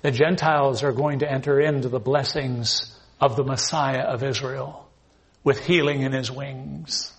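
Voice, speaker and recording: A man's voice: mid-range voice, fairly even intonation, a little slow. A man preaching a sermon, reading scripture aloud and explaining it with emphatic, dramatized delivery. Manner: emphatic, acts out scripture scenes. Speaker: pastor.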